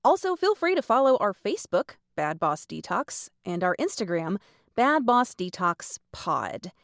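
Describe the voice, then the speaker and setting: A woman's voice: mid-range voice, big pitch swings, measured pace, dry recording. Casual young woman podcast co-host, chatty with a lot of filler, dry close mic. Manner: chatty, laughs often, frequent "like" and "um". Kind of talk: casual chat.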